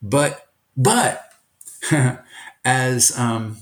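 An older retired teacher from Brooklyn, answering interview questions in an earnest, emphatic way. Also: male voice, medium pitch, drawn-out words. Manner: earnest, emphatic, animated storytelling. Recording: echoey room.

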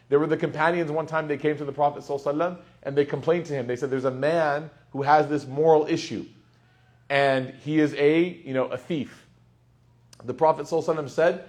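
A man giving a conversational lecture on Quranic commentary, animated and chatty with playful asides. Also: fairly high pitch, quick pace. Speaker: Islamic teacher.

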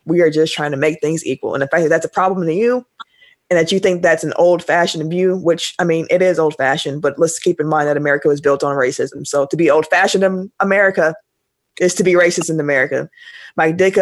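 A man's voice: fairly high pitch, steady tone, fast talker, no room sound. A man hosting a casual podcast, giving his opinions with heat and emphasis. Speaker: podcast host.

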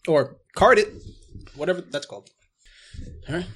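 A man's voice: high voice, animated, normal speed, fairly bright tone, husky. A man narrating a tabletop game as game master, playful and laughing often.

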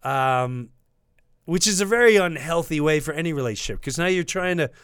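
Brief: middle-aged male comedian, lively storyteller, slightly high voice, dry close mic. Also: a little fast, clear, resonant tone, no room sound. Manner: animated, breaks into loud mock quotes of others. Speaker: comedian guest. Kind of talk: storytelling in casual interview.

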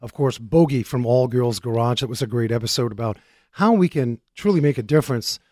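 A man hosting a car talk radio show, joking in an energetic, talkative way. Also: mid-range voice, brisk, dry recording, clean studio sound. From Arizona.

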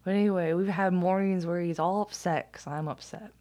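A woman's voice: lowish voice, fairly even intonation, brisk, mellow. A woman talking in a casual monologue, candid and blunt, swearing freely, laughing often and now and then dropping to a near whisper.

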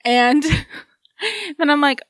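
A woman's voice: high-pitched, expressive, very slow, a bit bright, no echo, clean studio sound. A pregnant woman in her thirties, a podcast co-host, telling stories in a blunt, exasperated way and sounding tired. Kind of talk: casual chat.

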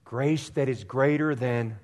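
Man, middle-aged preacher, hushed then loud, long church reverb. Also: mid-range voice, slow. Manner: swings from hushed, near-whispered storytelling to loud, rising exhortation. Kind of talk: sermon. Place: church sanctuary.

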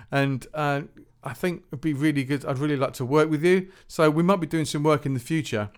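On his solo music podcast, a man talks a little fast in a somewhat high, clean voice with fairly even intonation. The chat is relaxed and self-deprecating, wandering along with many fillers and false starts.

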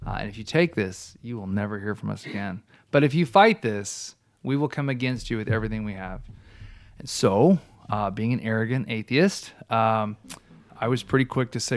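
This man's voice is fairly low and his pace normal as he recounts his personal testimony in a casual talk. He tells it animatedly, often restarting and breaking into laughter.

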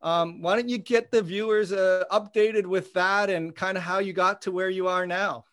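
High-voiced male podcast host. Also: steady tone, normal speed, a bit bright. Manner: friendly, hesitant with fillers. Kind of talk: interview hosting.

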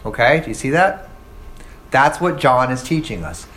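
A man's voice: mid-range voice, lively intonation, moderate pace, a bit bright. Man teaching a casual Bible lesson. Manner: conversational, checks in with "okay?" and "right?". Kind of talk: casual classroom lecture.

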